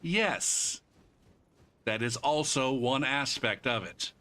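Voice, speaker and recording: Mid-pitched and speaking slowly, this male streamer has a lively, pushed, bright delivery. He talks casually with his viewers while gaming, arguing with chat, bantering, and swearing freely throughout the live stream.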